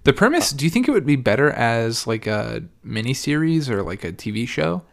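Young male co-host, animated delivery with some vocal fry, upbeat and opinionated. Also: medium pitch, brisk. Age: young adult. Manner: laughs often, upbeat and opinionated. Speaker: podcast co-host. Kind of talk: casual chat.

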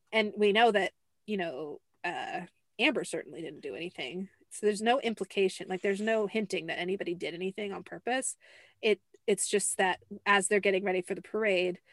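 A woman's voice: mid-range voice, normal speed, fairly bright tone, dry recording. A young adult woman hosting a podcast, talking casually and acting out quotes with lots of fillers. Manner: chatty, fills with "like", acts out quotes. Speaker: podcast host. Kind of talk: casual chat.

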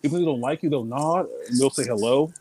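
A man from California talks casually as a guest, animated and given to repeating phrases. His voice is husky and a bit breathy, at an average pitch. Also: fast talker, rough recording. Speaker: interview guest. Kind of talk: casual conversation.

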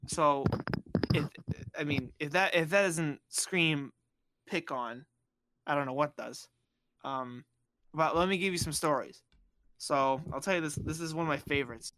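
Animated man telling a story. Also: dry recording. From Bosnia. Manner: animated, acts out quoted voices in high squeals. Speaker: podcast host. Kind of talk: casual storytelling chat.

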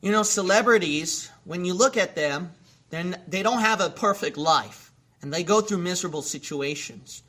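High, bright-voiced impassioned male preacher. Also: moderate pace. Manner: impassioned, swings between hushed lines and sudden shouts; repeats phrases for emphasis, asks rhetorical questions. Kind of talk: sermon.

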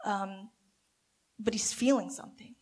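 A woman giving a halting, imaginative reflection at a church gathering, with many restarts. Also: mid-range voice, fairly even intonation, a little mellow, breathy edge. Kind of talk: sermon reflection.

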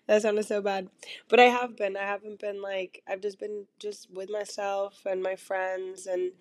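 A young woman talks her way through a solo podcast, hoarse and a bit worn from having lost her voice. She rambles loosely, stacking fillers and dropping casual swears. The sound is close and dry, with no room around it. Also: lowish voice, dry recording. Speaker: podcast host. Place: in bed at home.

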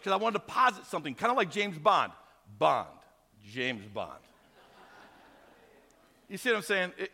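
A man in his fifties, a pastor from America, telling stories in a sermon and acting out the voices of the people in them. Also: fairly high pitch. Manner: animated storyteller acting out voices. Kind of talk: sermon storytelling. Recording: long hall reverb.

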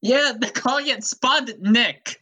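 An excitable, chaotic man who keeps breaking into laughter, as a woman improvises him. His voice is bright, sharp and fairly high, and it bounces between alarm and glee. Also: slow pace, heavily acted, poor audio. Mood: giddy. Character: excitable Irish potato-obsessed acid man. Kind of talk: improvised comedy role-play.

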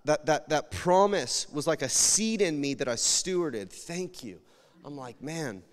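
A man preaches with tears close to the surface, his slightly high voice rising into loud pleas and dropping to hushed near whispers. His words ring out in a large church hall with a long, trailing reverb. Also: lively intonation, measured pace. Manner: emotional, swings from loud pleading to near whispers. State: tearful. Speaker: pastor. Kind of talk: sermon.

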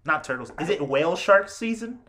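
A man's voice: on the high side, a little fast. A man hosting a podcast, telling stories in casual chat, acting out quotes and laughing often. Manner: animated storyteller, laughs often, acts out quotes. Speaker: podcast host.

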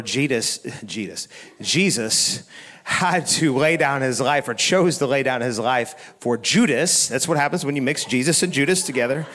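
A middle-aged pastor preaching a sermon, telling stories in a relaxed, conversational way with restarts and chuckles. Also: male voice, medium pitch. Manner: conversational storytelling with frequent laughs and restarts.

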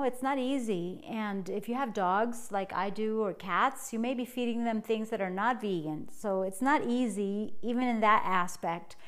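A woman hosting a solo podcast, talking in a bubbly, energetic way and laughing often. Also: on the high side. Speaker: podcast host and life coach. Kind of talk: casual solo podcast monologue.

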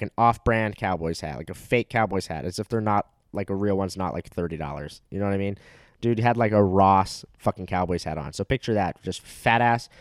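A man's voice: on the low side, dry recording, clean studio sound. A young man telling a rambling, profane comedic story that keeps getting heated, with plenty of filler words.

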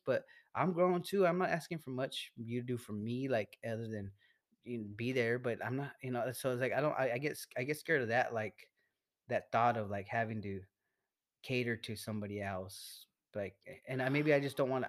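A man co-hosting a podcast, chatting casually in halting, rambling sentences full of restarts and swearing. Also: mid-range voice. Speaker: podcast co-host.

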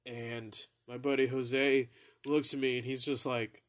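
A man's voice: mid-range voice, fairly even intonation, moderate pace. Young guy rambling thru a cussing story on his podcast, regular mid voice, keeps cracking himself up. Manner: rambling, profane, laughs through his own story. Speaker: podcast host. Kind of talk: casual storytelling.

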